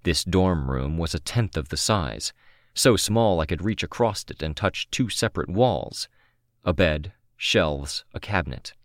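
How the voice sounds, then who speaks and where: Deep, slow male audiobook narrator. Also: no room sound, studio quality. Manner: calm, measured, first-person reading. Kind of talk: scripted narration of a novel.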